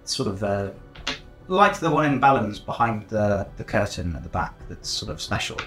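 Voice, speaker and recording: A man narrating a tabletop game as game master, casual and hesitant with many pauses. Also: lowish voice, lively intonation, a bit bright, soft background music, low-quality recording. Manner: hesitant, full of ums and restarts, casual.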